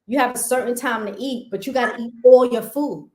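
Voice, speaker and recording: Young woman guest, slightly high voice, animated storyteller, roomy echo. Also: brisk. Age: young adult. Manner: animated, retelling prison routines. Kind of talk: casual interview talk.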